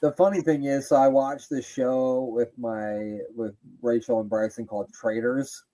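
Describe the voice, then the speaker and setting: A young man co-hosts a podcast while watching wrestling, chatting casually, joking, and laughing often, with animated, crude impressions. His voice is medium in pitch and a little slow, and the recording quality is low.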